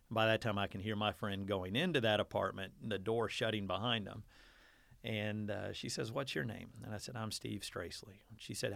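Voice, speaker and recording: A man's voice: lowish voice, gravelly, fairly bright tone, no room sound. A man in his forties, a teacher, telling a long folksy story in a casual interview and acting out the quotes. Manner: folksy, self-deprecating storyteller who acts out quotes.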